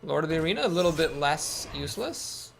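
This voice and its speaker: A man's voice: on the high side, animated, fairly quick, creaky, a crowd in the background. A man giving casual commentary on a card game, thinking aloud in a wry, self-doubting way. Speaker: gameplay commentator.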